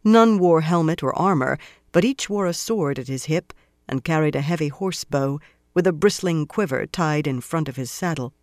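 A narrator reading a fantasy novel aloud in a measured, even storytelling delivery. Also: mid-range voice, dry recording, studio quality. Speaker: audiobook narrator. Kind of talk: scripted fantasy audiobook narration.

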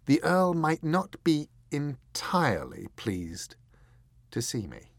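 A man's voice: on the high side, wildly swooping pitch, slow, vocal fry, no echo, pitched above the performer's own voice, full character voice. A man doing a suave, sly rogue.

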